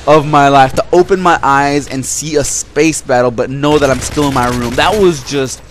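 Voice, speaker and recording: A video blogger talks to his viewers in a casual, rambling monologue, animatedly telling stories and sharing his opinions. His voice is medium-pitched and moderately paced, with a little hiss or hum in the recording.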